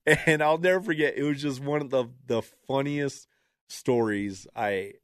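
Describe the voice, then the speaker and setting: A man hosting a podcast alone, telling a casual story with laughter and animated, acted-out quotes. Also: mid-range voice, measured pace, no room sound, studio quality. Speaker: radio producer and podcast host.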